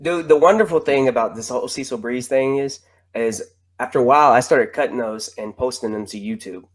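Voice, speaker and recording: A man hosting a podcast, telling old radio stories in an animated way and swearing freely. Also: mid-range voice, a little fast. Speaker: podcast host, former morning radio host. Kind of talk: casual podcast conversation.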